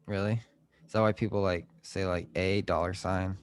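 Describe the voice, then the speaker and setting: A young podcast co-host with a deep, resonant voice keeps the casual chat loose and profane. His intonation is fairly even and his speed normal, and the audio is clear with no room sound.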